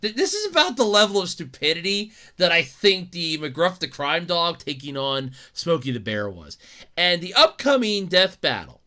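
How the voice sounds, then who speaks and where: An exasperated podcast host rants on their own, swearing freely and laughing often, with a voice that swings all over the scale. The tone is bright and forceful, and it climbs into shouts when the host gets worked up. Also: medium pitch. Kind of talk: casual solo podcast rant.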